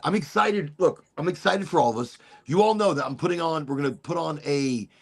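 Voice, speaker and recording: A middle-aged man hosts a loose, chatty podcast, with a gravelly, husky voice. He rambles through stories and stumbles over restarts and repeated words. His pitch sits mid-range. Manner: rambling, storytelling with many restarts. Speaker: podcast host. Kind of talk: casual chat.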